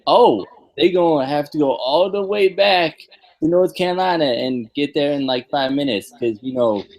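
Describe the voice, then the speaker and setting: A man's voice: medium pitch, rough recording. A man co-hosting a podcast, chatting casually about a wrestling show in a rambling, hesitant way. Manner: rambling, hesitant, many restarts and fillers. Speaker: podcast co-host.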